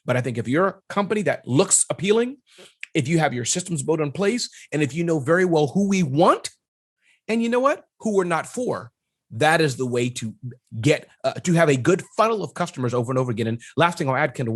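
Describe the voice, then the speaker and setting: A middle-aged man, an entrepreneur guest, talking business advice in an energetic, emphatic way and ticking off numbered points. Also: a little high, fast talker, breathy edge. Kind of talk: casual business interview.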